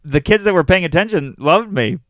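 A man's voice: sits high, lively intonation, a little fast, a bit bright, no echo, clean studio sound. A young adult man, a comedian, telling a story in casual chat and laughing often at himself. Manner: laughs often while telling stories, self-deprecating.

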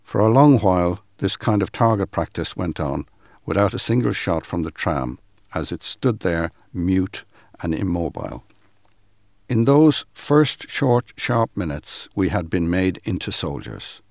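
A man giving a measured, dramatic reading of a first-person account. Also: low voice, lively intonation, gravelly, a little mellow, dry recording, clean studio sound.

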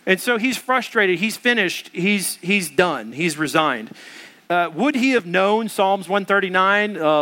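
A man delivers a sermon in a loose, conversational way. His voice sits high. The tone is bright and forward, and he acts out the quotes he tells. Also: very animated, unhurried. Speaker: preacher.

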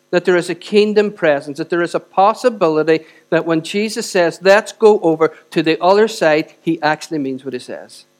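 High-voiced pastor preaching with fervor. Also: male voice. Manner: animated, self-deprecating asides, builds to forceful emphasis. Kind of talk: sermon with prayer.

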